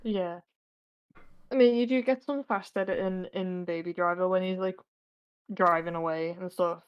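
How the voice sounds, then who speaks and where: Brief: female podcast co-host, lowish voice, easygoing, lots of "yeah"s. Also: normal speed, clear, resonant tone, muffled recording. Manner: relaxed, agreeable, frequent short backchannels. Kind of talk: casual film discussion chat.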